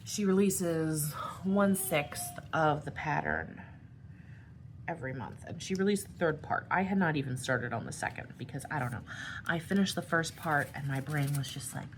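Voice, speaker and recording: A young adult woman chatting casually while she crafts, tired and rambling, with yawns and soft asides. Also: low-pitched, moderate pace, slight background noise. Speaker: crafting vlogger.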